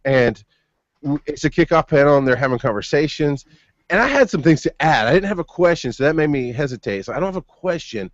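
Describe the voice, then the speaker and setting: A man's voice: on the high side, lively intonation, a little fast, no room sound. A man co-hosting a podcast in casual chat, telling a long story in a rambling way and laughing often. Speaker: podcast co-host. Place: home studio. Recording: muffled dry remote recording.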